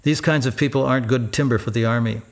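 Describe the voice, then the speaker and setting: A man's voice: mid-range voice, steady tone, fast, natural voice. A man voicing an indifferent army desk officer who speaks bluntly and offhandedly. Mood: offhand.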